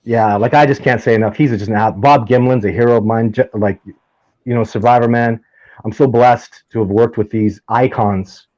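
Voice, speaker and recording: A man's voice: medium pitch, fairly even intonation, moderate pace, a little mellow, no room sound, dull audio. A man being interviewed as a guest, telling stories in a rambling, enthusiastic way, often restarting his sentences and getting heated. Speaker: guest, Sasquatch researcher. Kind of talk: casual interview storytelling.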